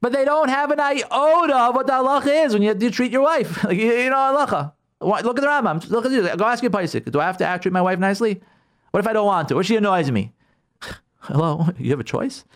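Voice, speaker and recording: A man's voice: sits high, expressive, quick pace, a bit bright. A man, a rabbi, giving an emphatic radio talk on Jewish law and marriage, repeating key words and acting out his listeners' objections.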